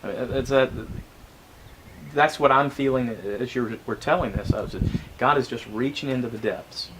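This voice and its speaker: A man hosting a casual interview, reflective and halting, often repeating words as he gathers his thoughts. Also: medium pitch, background noise. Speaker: interview host.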